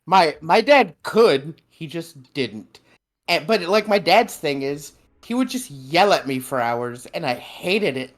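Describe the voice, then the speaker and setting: A man's voice: on the high side, animated, slow. Laid-back, swearing male podcast co-host. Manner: loose, swearing, laughing chat with many restarts. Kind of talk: casual chat.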